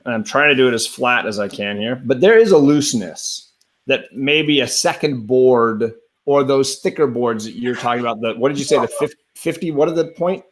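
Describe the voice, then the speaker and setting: A man's voice: medium pitch, moderate pace. Eager, rambling man host. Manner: enthusiastic, rambling, frequent restarts. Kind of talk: casual chat.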